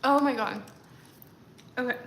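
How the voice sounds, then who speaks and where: Bright, high-voiced young woman chatting. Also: unhurried, gravelly, a little hiss or hum. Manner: rambling, chatty, many fillers. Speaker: livestreaming creator. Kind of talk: casual livestream chat. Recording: echoey room.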